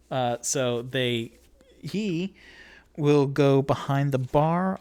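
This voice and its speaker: A man narrates a solo tabletop game as dungeon master, speaking slowly in a medium-pitched, clean-toned voice. His delivery is animated and rambling, packed with fillers.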